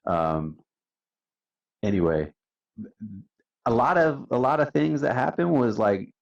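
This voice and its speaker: A man's voice: medium pitch, lively intonation, slow pace, creaky. A man being interviewed on a podcast as a company founder, telling stories in a laid-back, casual way and saying "man" and "dude" a lot. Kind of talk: casual storytelling. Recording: distant, dull-sounding mic.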